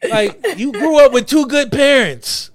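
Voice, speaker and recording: Man, podcast host, high voice, very lively pitch, casual joking banter, profane. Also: unhurried, crowd noise. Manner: animated, joking, profane, laughs often. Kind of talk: casual banter among friends.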